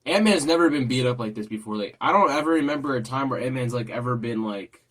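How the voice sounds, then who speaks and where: A man's voice: mid-range voice, quick pace, fairly bright tone. A man hosting a casual trailer reaction, rambling and repeating himself as he thinks aloud. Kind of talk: casual chat.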